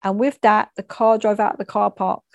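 A woman tells a first-hand story in a frank, plain voice. She adds conversational asides and stumbles now and then. Her pitch sits in the middle, and the sound is dry and close. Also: level tone, normal speed, no room sound.

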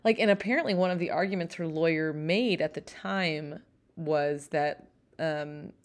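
Low-voiced woman co-hosting a chat show. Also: unhurried. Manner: hedging, rambling, full of fillers. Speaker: podcast co-host. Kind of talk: casual chat.

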